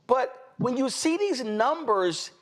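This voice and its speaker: Animated emphatic male talk show host. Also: very high voice, slow pace. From Houston, Texas. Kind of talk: opinionated talk show discussion.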